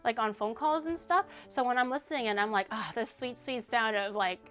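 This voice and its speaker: Laughing, joking woman streamer, higher voice. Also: fairly quick, faint music behind. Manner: animated, joking and self-mocking, laughs often. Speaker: VTuber streamer. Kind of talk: casual livestream chat.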